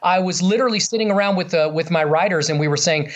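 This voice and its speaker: In a casual interview, a ventriloquist chats eagerly and tells stories packed with fillers. His voice is high-pitched and fast.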